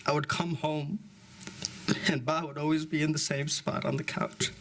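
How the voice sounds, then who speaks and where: A man's voice: on the high side, flat delivery, normal speed. Young man giving a candid eulogy. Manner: plain, candid speech with fillers. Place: funeral service. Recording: live event recording with background noise.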